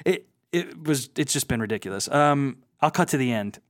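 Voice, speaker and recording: A man casually retelling a reality show, with animated storytelling and mocking impressions of the people he quotes. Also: mid-range voice, moderate pace, no room sound, clean studio sound. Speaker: podcast co-host.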